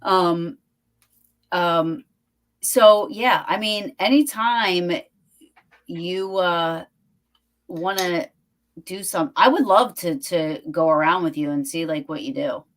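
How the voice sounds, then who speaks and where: A woman's voice: on the low side, takes it slowly, long pauses. Chatty woman hosting a casual interview. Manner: chatty, many fillers and restarts. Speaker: podcast host.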